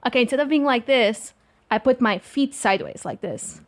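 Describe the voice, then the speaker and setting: A woman's voice: on the high side, lively intonation, normal speed, no echo. A woman from Portugal, a guest in a casual chat, who stutters at times.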